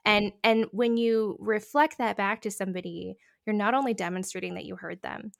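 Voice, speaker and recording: A woman's voice: mid-range voice, steady tone, moderate pace, gravelly, no room sound, studio quality. A woman mediator talking as a podcast guest, earnest and emphatic, laughing now and then. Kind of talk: conversational interview.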